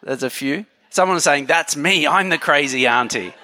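A man's voice: fairly high pitch, moderate pace, sharp tone, dry recording. A man preaching a sermon in a conversational, joking way, talking with his audience.

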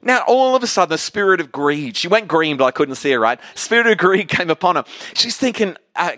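Male guest preacher, high bright tone, energetic humorous storyteller. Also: brisk, dry recording, studio quality. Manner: energetic, humorous, repeats words. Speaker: guest pastor. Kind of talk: storytelling sermon. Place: church hall.

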